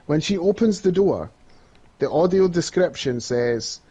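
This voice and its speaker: A Scottish podcast co-host chatting casually, getting excited and stumbling over repeated words. His voice sits a little high for a man yet sounds warm and mellow. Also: a little slow, slightly rough, muffled recording. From Scotland. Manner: excited, repeats himself when worked up. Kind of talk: casual chat.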